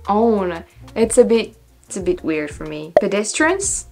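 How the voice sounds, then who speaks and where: A woman's voice: medium pitch, unhurried, vocal fry. French woman with light music behind. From France. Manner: animated, repeats words with questioning tone, laughs often. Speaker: vlogger. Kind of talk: casual pronunciation practice.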